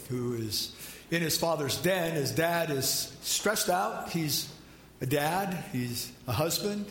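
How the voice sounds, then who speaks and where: A man's voice: fairly high pitch, fairly bright tone, roomy sound, a little hiss or hum. A man preaching a sermon as a pastor, opening with a prayer and moving into a conversational story.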